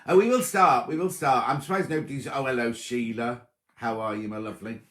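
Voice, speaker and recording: Chatty man hosting a live sewing stream, mid-pitched, teasing, roomy echo. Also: brisk, a bit bright. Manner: chatty, teasing, greets viewers by name. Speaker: sewing show host. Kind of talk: casual livestream chat.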